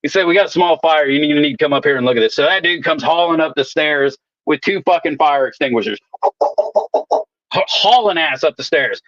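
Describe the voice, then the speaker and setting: A man's voice: on the high side, fairly quick, fairly bright tone, no echo, muffled recording. A man telling rowdy work stories in casual, profane chat, swearing constantly. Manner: swaggering storyteller, swears constantly. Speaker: welder co-host.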